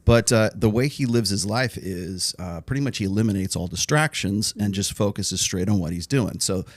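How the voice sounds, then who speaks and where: Deep voiced cali guy on a podcast, laid back, explains things slow and steady. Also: no room sound. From Southern California. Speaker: podcast guest. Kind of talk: casual podcast conversation.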